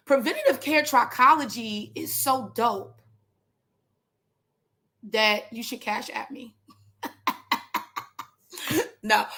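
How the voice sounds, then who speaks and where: A woman in her thirties talks casually to fellow trichologists, her voice sitting a touch high. She is animated and slangy, wanders off into jokes and asides, then comes back to her point. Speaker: trichologist giving business advice. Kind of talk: casual educational talk.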